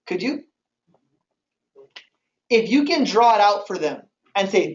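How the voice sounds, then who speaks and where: Energetic male trainer in an echoey hall. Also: high voice, normal speed, long pauses. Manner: energetic, keeps quizzing the audience. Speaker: sales trainer. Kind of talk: motivational training talk. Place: training hall with live audience. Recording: roomy, distant, dull hall recording.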